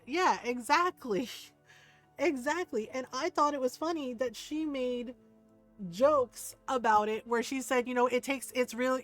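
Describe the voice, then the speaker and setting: A woman game streamer with a high-pitched voice chats casually at a normal pace, telling animated stories, laughing often, swearing freely and mimicking her relatives while she plays. Faint music sits behind her, and the audio quality is poor.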